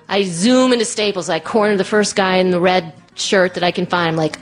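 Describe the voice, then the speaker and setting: A woman telling a personal story in a chatty way, full of "like" and "you know", jumping up high when she acts out voices. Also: fairly quick, hardly any pauses, soft background music. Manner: lively, acts out quoted voices in a much higher pitch.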